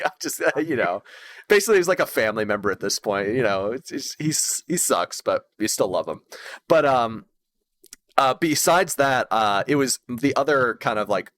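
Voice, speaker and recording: Animated rambling man chatting about games. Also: on the low side. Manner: rambling, lots of fillers, laughs often, animated when retelling. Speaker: podcast co-host. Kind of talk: casual gaming chat.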